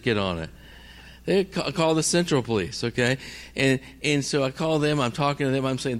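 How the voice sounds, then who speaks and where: A man's voice: medium pitch, expressive, brisk. A middle-aged man, a missionary preacher, telling a story in a sermon and acting out every voice in it.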